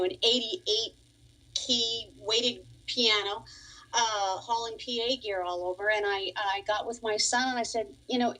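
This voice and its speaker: A woman's voice: mid-range voice, fairly bright tone, low-quality recording. A woman in her forties from Long Island, a musician and piano teacher, talking in a chatty way as a guest on a radio interview. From Long Island, New York. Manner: chatty, laughs easily.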